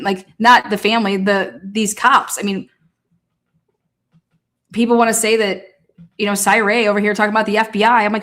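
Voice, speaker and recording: A woman talking through a case in a casual livestream, rapid, heated and full of swearing. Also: medium pitch, a bit bright. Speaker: true-crime commentator.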